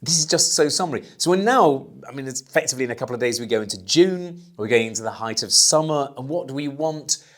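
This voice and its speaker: A man's voice: mid-range voice, expressive, quick pace, few pauses. A man presenting and tasting wines as a sommelier, talking in a chatty, enthusiastic way and savoring his words. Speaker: sommelier presenting weekly wine picks. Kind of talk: casual wine tasting talk.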